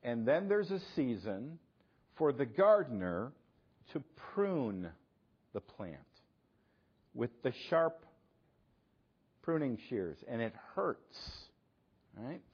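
A man preaching a sermon, asking rhetorical questions and swinging between loud emphasis and hushed, quiet lines. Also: mid-range voice, sing-song, slow, pauses often, slightly rough, lo-fi sound. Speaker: pastor.

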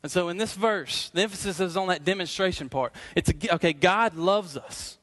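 A middle-aged man preaching a sermon as pastor, earnest and emphatic, slowing down to repeat key phrases. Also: high voice, a bit bright.

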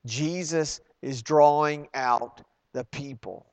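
Male preacher, high voice, lively sermon delivery with emphatic bursts, quizzes the congregation. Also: takes it slowly. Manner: animated, acts out quoted voices, loud emphatic bursts; asks the congregation questions.

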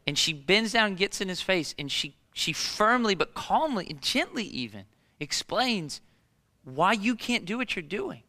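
A man's voice: sits high, bright, forceful tone, big-room sound. A man in his thirties preaching a sermon as pastor, emphatic, repeating key phrases and asking rhetorical questions.

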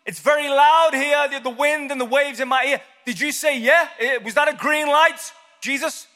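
A man's voice: extremely high pitch, fairly quick, pushed and bright, pitched above the performer's own voice. A man voicing an anxious male disciple who keeps stalling and begging for confirmation, in a comic, pleading manner. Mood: nervous pleading. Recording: long hall reverb.

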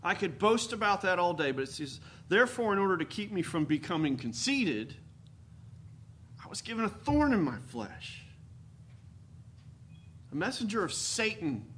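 A man's voice: sits high, big pitch swings, moderate pace, long pauses, a bit bright. A man preaching a sermon in a folksy, storytelling manner with dramatic emphasis. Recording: faint background noise.

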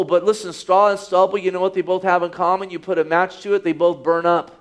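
A man's voice: high voice, steady tone, quick pace, hardly any pauses. A man preaching a sermon, reading scripture aloud and asking the listeners rhetorical questions. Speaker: pastor.

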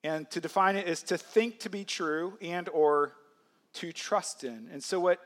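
High-voiced male pastor, chatty sermon. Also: unhurried. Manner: conversational preaching with light laughs and acted-out quotes.

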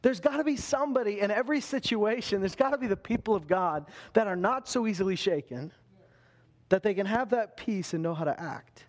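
A man preaching a sermon, talking straight to his listeners and jumping into panicked voices when he acts out a scene. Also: a little fast. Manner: animated, acts out panicked voices with big pitch swings. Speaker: pastor.

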